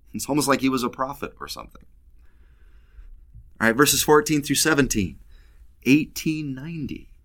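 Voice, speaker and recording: A man's voice: medium pitch, fairly bright tone. A man giving a casual scripture lesson, playful and humorous, acting out bits of dialogue. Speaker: scripture teacher.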